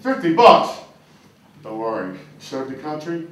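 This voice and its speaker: A man playing a pushy pimp who makes reassuring sales pitches in a stand-up bit. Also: huge pitch swings, measured pace, fairly bright tone, exaggerated voice. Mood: salesy. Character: smooth, pushy male pimp. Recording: echoey club, distant mic, noisy.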